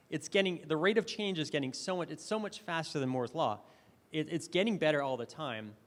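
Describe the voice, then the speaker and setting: A man giving a conversational conference presentation, full of fillers and restarts. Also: on the high side. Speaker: conference speaker. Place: conference hall. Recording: reverberant hall.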